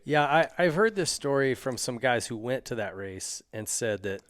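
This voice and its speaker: A man interviews a guest, nudging him along with quick questions and brief acknowledgements. His voice is mid-pitched and plain, and it is recorded dry with no room sound. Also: animated, fairly bright tone, clean tone, no echo. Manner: brief encouraging prompts. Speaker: host.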